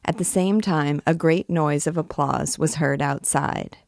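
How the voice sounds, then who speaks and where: Woman, low voice, reading a novel aloud, measured, expressive, dry sound. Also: gravelly, no room sound. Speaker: reader and guide to a classic novel.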